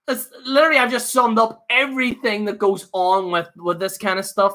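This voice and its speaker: A man's voice: sits high, steady tone, a little fast, few pauses, sharp tone. A man hosting his own livestream, rambling in a fired-up, jokey rant. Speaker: livestream host.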